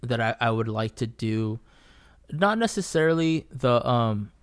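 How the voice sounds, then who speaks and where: A man's voice: mid-range voice, animated, unhurried, smooth, dry recording, clean studio sound. A man, a guest artist, telling stories in a casual podcast chat, swearing freely and acting out the voices of the people he quotes.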